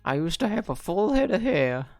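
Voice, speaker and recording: A man voicing a bitter, distrustful old man in a video game, ranting gruffly and calling the listener youngster. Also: high voice, very animated, moderate pace, no room sound, faint music behind, voice pushed up, heavily acted. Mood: grumbling.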